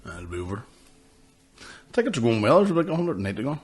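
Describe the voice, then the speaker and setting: A man's voice: mid-range voice, sing-song, fast, breathy edge. A man, a comedian hosting a podcast, telling sweary stories in casual chat and laughing often.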